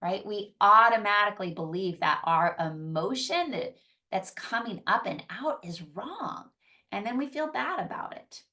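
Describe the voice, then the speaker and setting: A woman's voice: medium pitch, lively intonation, measured pace, pushed and bright, far from the mic. A woman psychologist and yoga teacher giving an earnest, conversational teaching talk, often restarting and repeating her phrases. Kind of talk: teaching talk on emotional healing.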